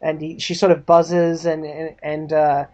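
A woman improvising a comedy TV pitch, rambling, full of fillers, and animated. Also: a little slow. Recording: slightly dull lo-fi recording.

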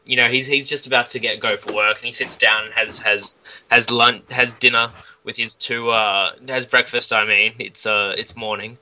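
A man telling a made-up comic film plot in casual, rambling chat, with lots of restarts and deadpan jokes. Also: mid-range voice, moderate pace, low-quality recording. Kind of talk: casual comedic storytelling.

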